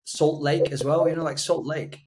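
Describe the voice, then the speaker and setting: A man's voice: a little high, steady tone, moderate pace, a little mellow. A man co-hosting a podcast in casual chat, hesitant and fumbling for words. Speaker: podcast co-host.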